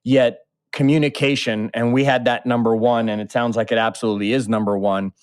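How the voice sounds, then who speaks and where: A man's voice: mid-range voice, flat delivery, brisk, clear, resonant tone, no echo, clean studio sound. A man hosting a podcast interview, speaking with enthusiasm and turning to address the listeners directly. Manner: enthusiastic, talks straight to listeners. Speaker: podcast host. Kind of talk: conversational interview.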